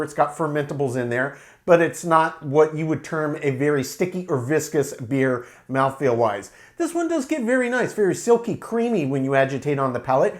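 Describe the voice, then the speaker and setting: A man reviewing a beer to camera in a relaxed, explanatory way, with frequent fillers. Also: on the high side.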